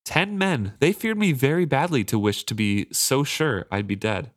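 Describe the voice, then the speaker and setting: A man's voice: mid-range voice, lively intonation, moderate pace, no room sound, voice pushed up, lightly acted. A triumphant pirate captain gloats over a victory, voiced by a man reading from a novel. He sounds scheming and pleased with himself. The sound is close and dry with no room. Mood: gloating. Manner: gloating over his win.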